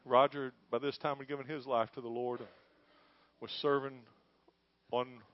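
A man's voice: mid-range voice, flat delivery, moderate pace, no echo. A man, a pastor preaching a sermon and telling a story with growing fervor. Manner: storytelling, building to fervent shouting. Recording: dull dry lo-fi.

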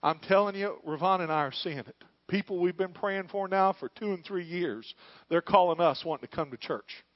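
A middle-aged male pastor preaching a sermon in church, moving between quiet, hushed lines and loud, fervent calls. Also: high-pitched, moderate pace, dry recording, highs cut off. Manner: preaching, swings from hushed to shouting.

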